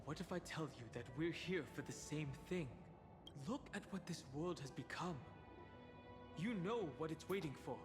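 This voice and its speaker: A man's voice: fairly high pitch, animated, normal speed, over music, natural voice. A man voicing an earnest young male companion who pleads with an old friend in a game. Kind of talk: game voice acting.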